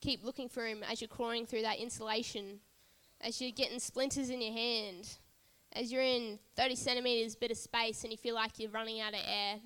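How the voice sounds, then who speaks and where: A woman's voice: on the high side, level tone, a little fast, a bit bright, smooth, in a large hall. A woman preaching a sermon at a church service, earnest and repetitive, building emphasis phrase by phrase.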